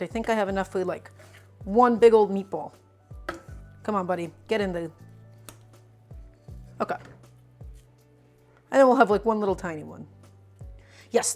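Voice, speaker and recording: A woman's voice: mid-range voice, darkish tone. Young woman, cooking streamer, casual and playful, home kitchen, light music underneath. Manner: chatty, playful, answers chat questions.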